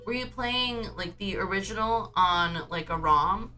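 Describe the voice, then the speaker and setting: A woman's voice: mid-range voice, a little slow, sharp tone, soft background music. A woman streaming from home in a casual, rambling chat, full of filler words and restarts. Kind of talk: casual chatty livestream talk.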